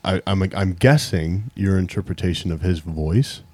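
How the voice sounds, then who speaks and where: A man hosting a casual podcast, chatty as he steers the questions. His voice is very deep. The sound is dry and close. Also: normal speed, a little mellow, breathy edge, no echo. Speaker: podcast host.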